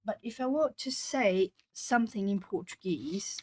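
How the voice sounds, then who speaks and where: A woman's voice: mid-range voice, expressive, measured pace, breathy edge. A Brazilian woman from the south of Brazil, chatting casually with viewers and thinking aloud while she colors on an art stream.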